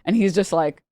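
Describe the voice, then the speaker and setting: A woman's voice: extremely high pitch, no echo. A woman streamer telling a rambling story in casual chat, laughing often and mimicking the people in it. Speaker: livestreamer. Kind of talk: casual storytelling to a live audience.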